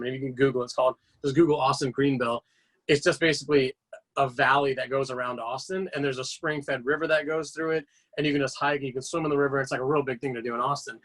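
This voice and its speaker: A man guest on a podcast, telling long casual stories with many fillers and restarts. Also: medium pitch. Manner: animated rambling anecdotes with frequent fillers. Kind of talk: casual storytelling chat.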